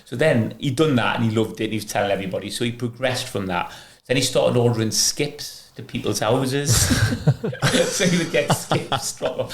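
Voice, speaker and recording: A man's voice: mid-range voice, vocal fry. A middle-aged man hosting a casual podcast, chatty and laughing through his anecdotes. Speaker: podcast host, ex-footballer. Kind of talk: casual chat and storytelling. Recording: echoey room with faint noise.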